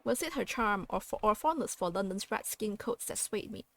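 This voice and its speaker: A woman's voice: medium pitch, animated, moderate pace. A woman playing a story game, reading its text aloud and chatting about her choices in a playful way. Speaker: let's play host.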